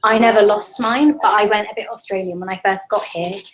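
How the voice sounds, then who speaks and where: A young British woman with an American-tinged accent, chatting casually while getting ready for a live stream. She talks quickly and now and then drops to a whisper. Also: medium pitch, steady tone. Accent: British with an American twang. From Britain. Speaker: student host of a live stream. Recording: echoey room with faint noise.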